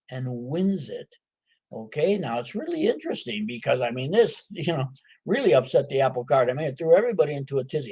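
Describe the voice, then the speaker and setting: Animated folksy male storyteller. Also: fairly high pitch, fast talker, slightly rough. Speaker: author. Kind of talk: storytelling to a live audience.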